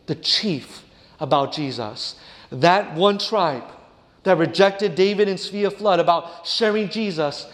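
Brief: male preacher, storytelling sermon, dramatic hushed drops, high voice, big hall reverb. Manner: dramatic, drops to a hush, addresses listeners as "friends".

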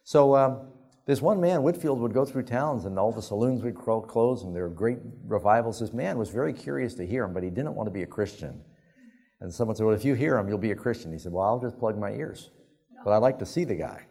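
A man's voice: lowish voice, lively intonation, fairly quick, vocal fry, mellow, husky. A male pastor preaching a sermon, telling anecdotes in a folksy, conversational way. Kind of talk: sermon storytelling.

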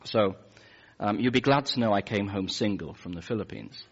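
A man's voice: fairly low pitch, normal speed, breathy edge, dull audio. A middle-aged man with an English accent, preaching a sermon and telling a personal story in a wry, conversational way with frequent restarts. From England.

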